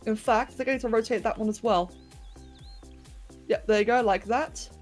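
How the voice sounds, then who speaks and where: A woman's voice: fairly high pitch, moderate pace, soft background music. Chatty, giggly young woman streamer. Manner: chatty and giggly, chatting to viewers while working. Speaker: game streamer. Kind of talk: casual livestream chat while playing a game. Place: home bedroom.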